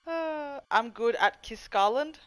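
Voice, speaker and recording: A young woman with a high voice hosts a livestream, recorded dry and with poor audio quality. She rambles casually, swears freely, goofs around, and reads chat aloud.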